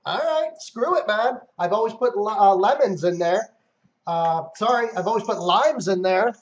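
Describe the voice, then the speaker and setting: A man's voice: high-pitched, lively intonation, moderate pace, lo-fi sound. A man hosting a casual livestream, reading out and answering viewer comments. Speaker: livestream host.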